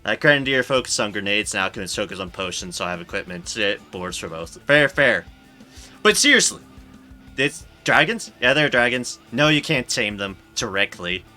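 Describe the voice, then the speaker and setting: A man giving excitable, gushing let's-play commentary on a video game, swearing now and then. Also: fairly low pitch, moderate pace, faint music behind. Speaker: streamer.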